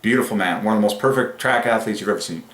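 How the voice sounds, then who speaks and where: A man hosting a religious numerology channel, speaking in an excited monologue that swings between rapturous bursts and quiet musing. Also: fairly low pitch, racing, reverberant, noisy background.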